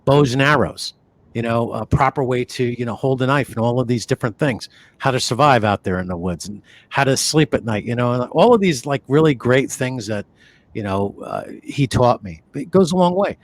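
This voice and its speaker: A man from the New York City area co-hosting a podcast, talking in a rambling, animated way with many fillers and restarts. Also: medium pitch, moderate pace. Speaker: podcast co-host. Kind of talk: conversational podcast talk.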